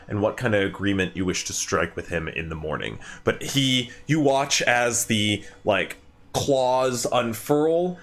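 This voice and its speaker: A man narrating as game master of a tabletop game, with many pauses and fillers. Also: lowish voice, a bit bright.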